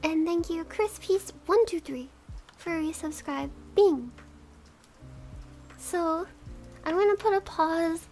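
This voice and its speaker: A woman's voice: very high voice, takes it slowly, long pauses, darkish tone, soft background music. A woman streaming casual chat, giggly, thanking subscribers one by one. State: has the hiccups.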